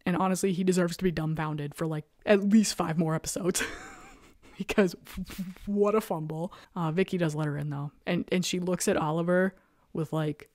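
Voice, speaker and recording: Animated young woman recapping, dry sound. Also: on the low side, moderate pace, no room sound. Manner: animated, exasperated, laughs often. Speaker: show host. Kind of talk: casual recap chat.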